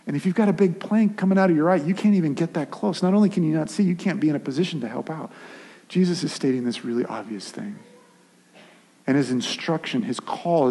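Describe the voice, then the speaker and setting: Male pastor, casual animated sermon delivery, mellow and slightly husky, long reverb of a hall. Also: medium pitch. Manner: animated, conversational preaching with restarts and acted asides.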